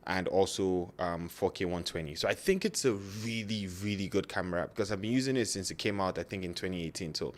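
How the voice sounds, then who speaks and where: A man's voice: low-pitched, brisk, hardly any pauses. A man with a non-native English accent, talking casually to camera about photography gear, rambling and correcting himself with many fillers. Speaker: photography YouTuber.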